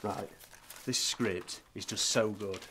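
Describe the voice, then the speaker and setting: A man's voice: fairly low pitch, fairly even intonation, takes it slowly, fairly bright tone, slight background noise. A man playing a vain, dim aspiring actor, earnest and self-important.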